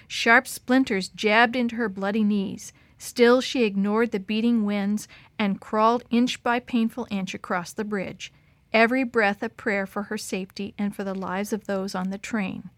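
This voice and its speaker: A woman reads a story aloud with expressive, dramatic narration. Her voice sits at a middle pitch. The recording is dry and close, with no room echo.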